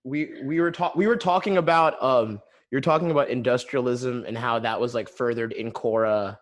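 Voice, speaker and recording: A man's voice: medium pitch, normal speed. A man guest artist talking casually on a video call, rambling with lots of filler words. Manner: rambling, heavy use of "like" fillers.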